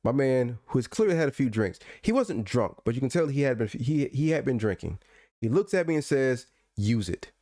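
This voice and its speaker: A man's voice: medium pitch, brisk. A man co-hosting a podcast in casual chat, telling stories and ranting playfully, often repeating himself. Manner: animated storyteller, repeats and restarts, playful rants. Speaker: podcast co-host.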